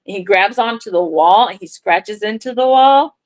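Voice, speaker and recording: A woman talks on a crochet livestream and tells a story in a casual, chatty way. She acts out the voices of the people in the story and swears now and then. Her voice sits at a middle pitch. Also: normal speed, rough recording. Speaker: crochet content creator on a livestream.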